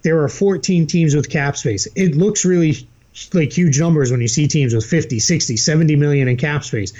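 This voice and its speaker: A man with a faint Boston accent, co-hosting a podcast in casual, animated chat. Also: fairly high pitch, normal speed, dull audio. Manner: animated, laughs easily. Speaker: podcast co-host.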